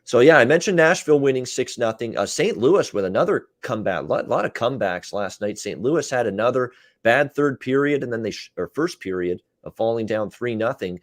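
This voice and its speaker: A man hosting a casual sports betting chat, recapping games in quick runs with frequent "uh" fillers. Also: mid-range voice, animated, dry recording, clean studio sound. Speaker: betting show host and handicapper.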